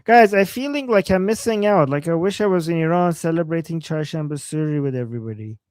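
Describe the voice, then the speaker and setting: A man co-hosting a casual livestream, talking in an animated way and often restarting his sentences. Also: a little high, a little fast, no room sound. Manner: animated, repeats himself, stumbles into restarts. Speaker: livestream co-host.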